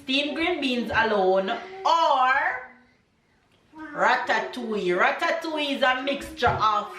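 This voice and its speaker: A woman's voice: sits high, lively intonation, slow pace, bright, forceful tone. A Jamaican woman in her thirties, a mother narrating a casual family vlog from her kitchen, playfully quizzing her kids in a sing-song way. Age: 30s. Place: home kitchen.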